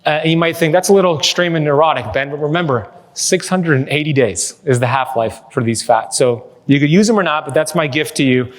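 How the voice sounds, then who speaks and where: A man's voice: fairly high pitch, fairly quick, few pauses. A man giving a live keynote to an audience in a large hall, talking with energy and cracking jokes as he tells stories. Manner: energetic, joking storyteller. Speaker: keynote speaker. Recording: echoey hall reverb.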